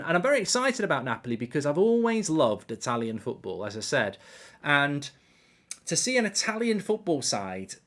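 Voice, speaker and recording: A man hosting a live football watchalong, chatting casually and reading out viewer comments. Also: mid-range voice. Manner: animated, reading viewer comments, frequent fillers. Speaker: host.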